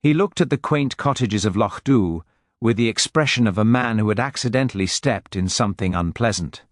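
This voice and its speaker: A man reading a mystery story aloud in steady, scripted narration. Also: fairly low pitch, brisk, no room sound, studio quality.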